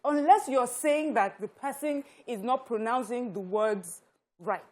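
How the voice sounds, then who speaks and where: A woman with a Nigerian accent speaking as a studio panel guest, animated and telling personal stories with quoted lines. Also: fairly high pitch, a little slow. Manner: animated, tells personal anecdotes with quoted dialogue.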